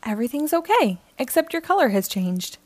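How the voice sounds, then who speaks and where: A woman's voice: high-pitched, very animated, a little fast, dry recording, voice pushed up. A woman doing a kind young girl doctor. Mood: reassuring. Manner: gentle, upbeat and reassuring.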